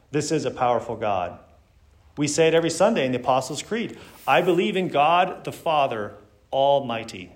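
Man, Sunday school teacher, earnest, emphatic scripture reading, mid pitch. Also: animated, moderate pace. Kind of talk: church Sunday school lesson.

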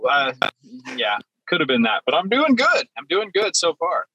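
A man's voice: fairly high pitch, huge pitch swings, normal speed, pushed and bright, husky, dry recording, poor audio. A man chatting casually on a podcast from the driver's seat of his parked car, rambling and self-deprecating. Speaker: podcast guest. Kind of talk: casual chat.

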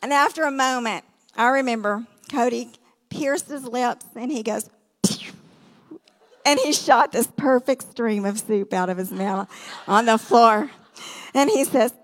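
A middle-aged woman giving a sermon as a guest speaker, telling stories in a conversational way with lots of asides and rhetorical questions. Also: fairly high pitch. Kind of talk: storytelling sermon. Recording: reverberant hall.

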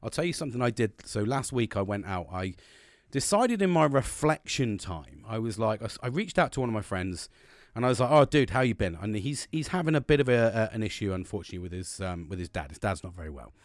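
A man's voice: on the low side, sing-song, fast talker, no echo, clean studio sound. A man giving a casual motivational talk, rambling and earnest, with a lot of swearing.

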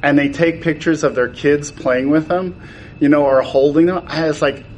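A man's voice: fairly high pitch, steady tone, moderate pace, darkish tone, lo-fi sound, a little hiss or hum. A middle-aged man, a toy designer, chatting and telling anecdotes as a guest on a convention panel, laughing often and acting out the people he quotes. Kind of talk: casual anecdotal storytelling.

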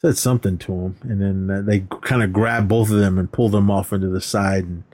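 A man co-hosts a casual podcast and walks through film scenes in a rambling way. His speaking voice sits on the low side, and he jumps much higher whenever he acts out the characters' lines. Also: fairly even intonation, brisk, a little mellow. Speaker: podcast co-host. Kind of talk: casual movie recap chat.

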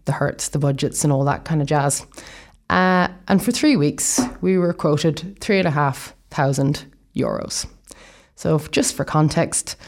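A woman's voice: deep voice, a little mellow. A young Irish woman from Ireland, chatting casually in a vlog and rambling through plenty of asides as she explains things. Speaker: vlogger.

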